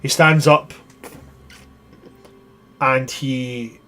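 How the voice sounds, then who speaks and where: A man running a tabletop game, describing scenes in vivid, grisly detail and often restarting mid-sentence. His voice has a middling pitch for a man, with faint music behind it. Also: fairly even intonation, extremely slow, fairly bright tone. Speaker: game master.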